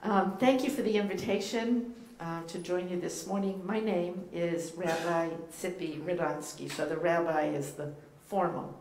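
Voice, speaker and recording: A woman's voice: on the low side, steady tone, normal speed, hardly any pauses, a little mellow. A woman with a Boston accent giving a playful, teacherly sermon as a guest rabbi, with frequent ums and uhs. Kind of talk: informal sermon to a congregation. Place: church sanctuary. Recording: echoey room, faint background noise.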